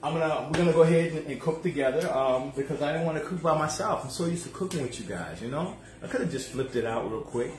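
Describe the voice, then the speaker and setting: A man's voice: fairly high pitch, lively intonation. A man hosting a casual cooking livestream from his home kitchen, joking and chatting with viewers. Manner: joking, chatty, playful, drawn-out asides to viewers. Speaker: cooking show host. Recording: echoey kitchen with music behind.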